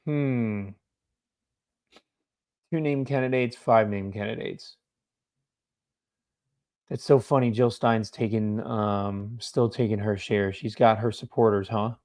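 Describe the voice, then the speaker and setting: A man's voice: fairly even intonation, takes it slowly, pauses often, darkish tone. Laid-back man reacting to news. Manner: reads articles aloud and reacts with asides; yawning, low-key. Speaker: political commentator. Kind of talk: casual commentary reading news aloud.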